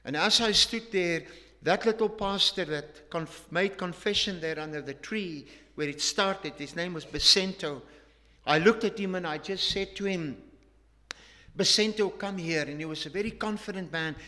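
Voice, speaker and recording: A man delivering a sermon as a story, earnest and emphatic, swinging between hushed passages and forceful rises. His voice is fairly high and bright, with an edge to it. A long reverb trails each phrase, as in a big church. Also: moderate pace. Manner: earnest, emphatic, with frequent restarts and hushed drops. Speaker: preacher.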